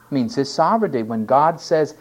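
A man preaching a sermon, stressing key words loudly and then dropping to quiet asides. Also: medium pitch, animated, fairly quick. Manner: emphatic, swinging between loud stresses and quiet asides.

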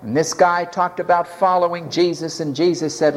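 A man preaching a sermon in an animated, dramatic way, acting out the scenes as he tells them. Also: a little high, moderate pace, hardly any pauses.

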